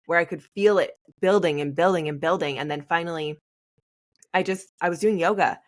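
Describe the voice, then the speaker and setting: Woman, 30s, podcast host, slightly low pitch, chatty, animated storyteller. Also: brisk. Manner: animated storyteller, acts out quotes. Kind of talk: conversational podcast interview.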